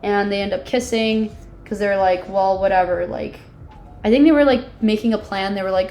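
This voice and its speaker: A woman in her twenties co-hosts a podcast, summarizing a book in casual chat over soft background music. Her medium-pitched, darkish voice moves at a moderate pace, full of "like" and dramatic reactions of disgust.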